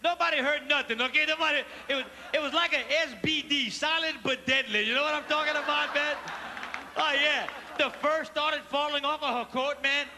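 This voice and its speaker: This Cajun-accented comedian's voice is extremely high yet steady, brisk, bright and forceful as he does live stand-up storytelling. Folksy and chatty, he teases the audience from a theater stage, with long hall reverb, faint noise and audience laughter on the recording.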